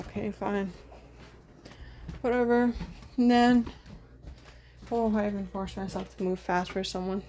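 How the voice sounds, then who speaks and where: A woman's voice: medium pitch, level tone, unhurried, long pauses. Brief: young woman, casual vlog rant, cursing and rambling, noisy home recording. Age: young adult. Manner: rambling, profane, frequent fillers. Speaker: vlogger. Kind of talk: casual venting monologue.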